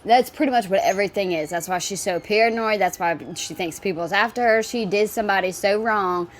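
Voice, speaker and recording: A woman's voice: mid-range voice, brisk, a little hiss or hum. Blunt woman reacting casually. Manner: blunt, exasperated, swears freely. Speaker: reaction video host.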